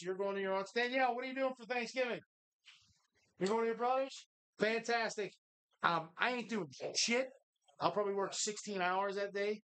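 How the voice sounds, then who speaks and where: A man's voice: high voice, fairly bright tone, smooth. A man hosting a live bar show, chatting casually in a rambling, profane, jokey way.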